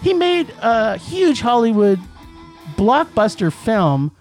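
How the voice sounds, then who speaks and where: A man co-hosting a podcast, ranting about movies in an animated way and laughing often. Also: very high voice, slow, soft background music. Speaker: podcast co-host. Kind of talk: casual podcast movie rant.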